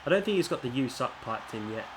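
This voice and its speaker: A man's voice: medium pitch, big pitch swings, racing, heavy background noise. A man giving casual, jokey commentary while playing a wrestling video game. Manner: chatty, jokey, mock announcer asides. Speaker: gaming channel host.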